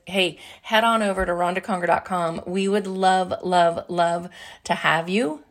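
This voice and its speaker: A middle-aged woman hosting a motivational talk show, energetic and playful, repeating phrases for emphasis. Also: medium pitch, vocal fry. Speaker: podcast host.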